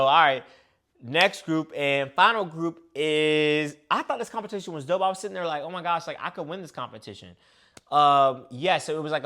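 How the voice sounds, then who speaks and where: A man's voice: mid-range voice, pushed and bright. A young man casually reviewing a reality show episode for his video channel, chatty and full of slang. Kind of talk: casual reaction chat.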